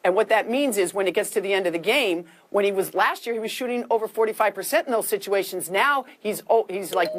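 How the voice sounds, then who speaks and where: A woman's voice: medium pitch, quick pace, hardly any pauses. A woman arguing with statistics as a sports debate panelist, assertive and direct. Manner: stat-driven, assertive.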